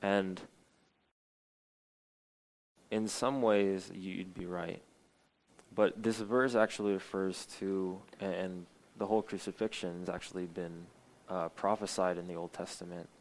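A young man delivers an earnest sermon, reading scripture and stopping to explain it. His voice sits low and stays fairly flat, and he often restarts his sentences with fillers. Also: a little slow, long pauses, low-quality recording. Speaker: preacher.

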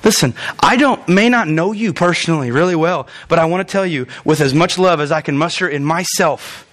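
Earnest pastor with a high-ish voice. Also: male voice, a little fast, fairly bright tone. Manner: earnest, direct address to the congregation, voice climbing high when emphatic. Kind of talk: sermon and closing prayer. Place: church.

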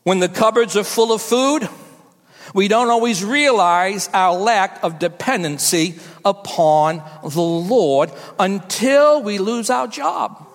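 A woman pastor delivering a sermon to her church, with slow, emphatic preaching and repetition for effect. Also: medium pitch, big-room sound.

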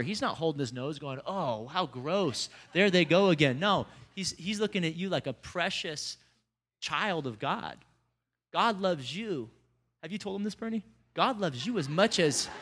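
High-voiced man preaching a lively sermon. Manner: lively, conversational preaching with calls to the congregation. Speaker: pastor. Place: church service before a congregation.

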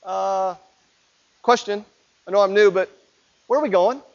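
A preacher puts on a sheepish male newcomer who asks hesitant, raised questions. The voice is high, and the recording sounds dull. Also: a little slow. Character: newly recruited male tax collector, sheepish and unsure.

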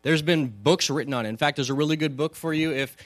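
A man with a fairly high voice preaches a sermon in a relaxed, conversational way. He keeps turning to the congregation with questions. The sound is dry and close, with little room echo. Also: fast talker. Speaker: pastor. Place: church hall.

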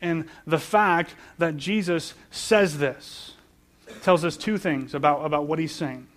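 A man's voice: fairly high pitch, unhurried, a bit bright. A man preaching a sermon, earnest and explanatory, often repeating words as he builds each point. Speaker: pastor.

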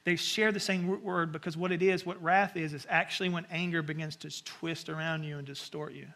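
A man with a Southern US accent, preaching a conversational sermon with sudden animated asides. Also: on the high side, fairly quick. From American South. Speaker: pastor.

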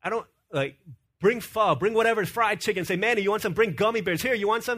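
A young man preaching a sermon, telling stories in an animated way and often repeating words as he starts a sentence. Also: sits high, fast.

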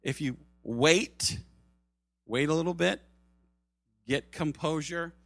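A man delivers a sermon with a lively, conversational energy. His voice sits a little high, and he drops low and soft to drive points home. The sound is close and dry, with faint music underneath. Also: slow, vocal fry, dry recording. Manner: animated, acts out quoted voices, drops to soft tones for emphasis. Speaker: pastor. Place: church service.

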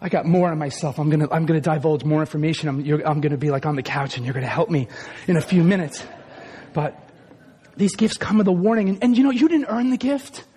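A man preaching a sermon as pastor, loud and passionate, swinging between shouts and quieter asides. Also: on the high side, fast, husky. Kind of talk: energetic sermon. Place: large hall or church. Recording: echoey hall.

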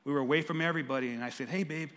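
A pastor preaching a sermon, swinging from raised, emphatic lines to hushed, soft ones. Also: male voice, fairly high pitch, very fast, long reverb tail, slight background noise.

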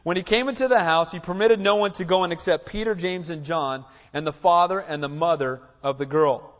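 Male pastor with a high voice, animated preaching, muffled lo-fi recording in a reverberant church. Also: fairly quick. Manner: animated preaching, acts out Bible scenes. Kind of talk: sermon. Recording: reverberant church hall, dull lo-fi sound.

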